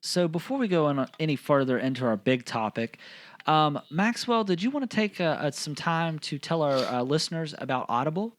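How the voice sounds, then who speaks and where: A man's voice: a little high, very animated, brisk. A man hosting a podcast in casual banter, upbeat, steering the talk and laughing often. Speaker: podcast host.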